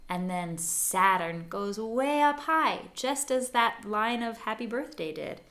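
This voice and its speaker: Slow, bright-voiced woman teaching songwriting. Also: on the high side, expressive. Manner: patient and encouraging, sings short phrases to demonstrate. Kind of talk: gentle step-by-step lesson for learners.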